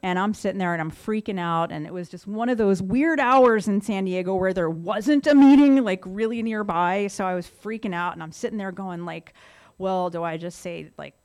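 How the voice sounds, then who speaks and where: A woman's voice: medium pitch, normal speed, a little mellow, clear, resonant tone. A middle-aged woman candidly telling her sobriety story in a casual, conversational way, with many fillers. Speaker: speaker sharing her story. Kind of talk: recovery testimony, casual storytelling.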